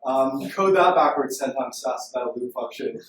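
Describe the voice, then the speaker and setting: A young man from Canada giving a playful, self-deprecating story-driven pitch presentation to a room. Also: moderate pace, far from the mic, slight background noise. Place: room full of people. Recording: echoey room recorded from afar.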